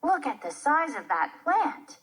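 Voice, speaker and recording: A woman's voice: sits high, sing-song, unhurried, fairly bright tone, pitched above the performer's own voice, heavily acted. A woman reading the part of a cheerful father in a children's play.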